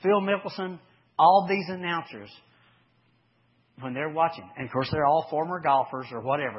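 A man preaching a folksy sermon, swinging from loud to hushed as he tells sports stories. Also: on the high side, normal speed, slightly rough. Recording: dull lo-fi recording.

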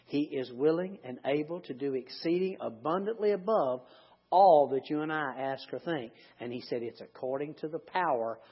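A pastor preaching a conversational sermon in his church, swinging from loud emphatic lines to hushed, quiet prayerful ones. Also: a little high, normal speed, slightly rough. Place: church sanctuary. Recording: dull lo-fi sound.

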